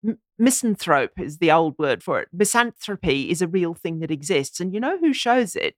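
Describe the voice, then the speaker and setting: A lower-pitched woman holds forth in a podcast discussion, explaining words and usage in a lecturing way. Her voice is recorded dry and close, with no room around it. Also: sing-song, normal speed, no room sound. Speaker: podcast guest. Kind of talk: casual discussion.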